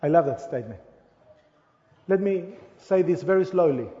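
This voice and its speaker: High-voiced preacher in an echoey hall. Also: male voice, lively intonation, moderate pace. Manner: swings from loud emphatic preaching to soft intimate asides. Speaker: pastor. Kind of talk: sermon. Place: large church hall. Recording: echoey church hall, slightly dull sound. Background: long reverb of the hall.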